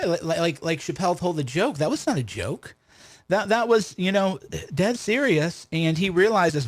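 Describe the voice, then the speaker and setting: A man with a slightly high voice runs commentary on his own livestream at a moderate pace. His delivery is combative, packed with rhetorical questions and false starts.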